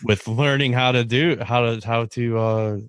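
Halting man on a dry mic. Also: medium pitch, fairly even intonation, a bit bright, clean tone, no room sound. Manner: halting, casual, searching for words. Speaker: podcast host. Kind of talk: casual podcast interview.

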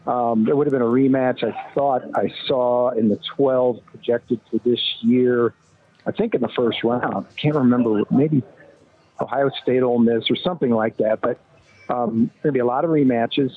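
A man calling in as a guest sportswriter, giving measured analysis built on numbers. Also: medium pitch, steady tone. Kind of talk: phone-in analysis. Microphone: phone. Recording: tinny phone line, dry.

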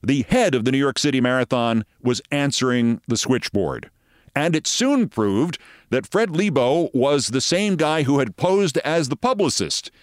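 A man's voice: mid-range voice, animated, a little slow, no room sound, studio quality. A man in his sixties hosting a show, telling wry, conversational anecdotes. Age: 60s. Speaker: host. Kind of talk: monologue storytelling.

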